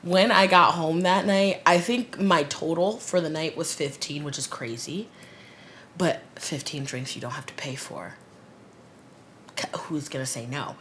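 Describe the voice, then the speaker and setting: Laughing low-voiced young woman. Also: a little slow, slight background noise. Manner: animated, laughs often, acts out quoted lines. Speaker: bride-to-be telling how they met. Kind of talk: casual storytelling to camera.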